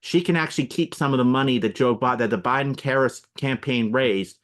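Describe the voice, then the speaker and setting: A man's voice: medium pitch, brisk, fairly bright tone. A man speaking as a political analyst guest in a radio interview, explaining at length and listing names and examples.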